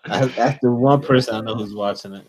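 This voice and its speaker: A man co-hosting a casual comics livestream, excited and enthusiastic as he chats. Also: mid-range voice, fairly quick. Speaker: co-host.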